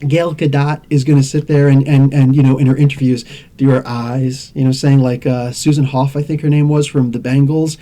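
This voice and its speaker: A man in his forties hosting a podcast in a rambling, animated rant, laughing often and swearing now and then. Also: a little high. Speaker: podcast host. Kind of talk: casual rant.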